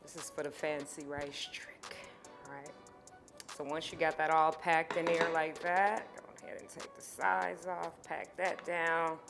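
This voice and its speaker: A woman hosting a relaxed cooking show from her kitchen, playful and chatty as she talks straight to viewers. Her voice sits on the low side and she takes her time. Music plays clearly behind her. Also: measured pace. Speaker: home cooking host. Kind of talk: casual cooking tutorial. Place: home kitchen.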